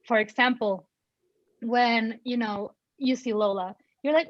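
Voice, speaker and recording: A woman in her thirties speaks candidly as a parent on a panel, outspoken and animated, acting out the people in her stories. Her voice sits a little high. The sound is dry and slightly muffled, like a video call. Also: unhurried, no room sound. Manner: outspoken, animated, full of fillers and voiced quotes. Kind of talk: personal storytelling in a panel conversation.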